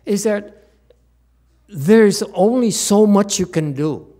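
A man as a Buddhist teacher giving a dharma talk, rhetorical and animated, with many fillers and restarts. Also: high voice, slow.

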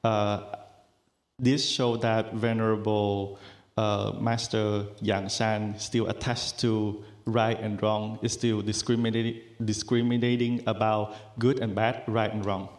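A man's voice: on the low side, flat delivery, slow. A man who speaks natively, answering his master hesitantly with many fillers. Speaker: student monk answering the master. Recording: roomy echo.

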